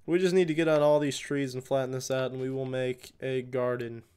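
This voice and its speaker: A man's voice: mid-range voice, little pitch movement, fairly quick, darkish tone, clear, resonant tone. A young man casually chatting with his viewers during a gaming livestream, rambling and answering chat while he plays. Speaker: live streamer.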